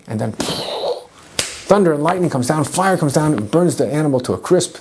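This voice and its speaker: Warm-voiced man telling a lively lesson. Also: mid-range voice, normal speed, slight background noise. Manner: lively, humorous, sprinkled with Hebrew and Yiddish terms. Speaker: Torah teacher. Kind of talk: animated biblical storytelling lesson.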